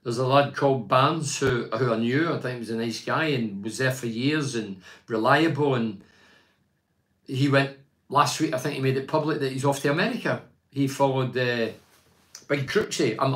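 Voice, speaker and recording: A man's voice: medium pitch, normal speed, fairly bright tone. An older man talks football in a loose, chatty way, giving blunt verdicts and wandering off on tangents. He reads fan messages aloud and answers them in his own plain, opinionated voice. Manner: blunt and opinionated, rambling with restarts. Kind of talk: casual fan chat.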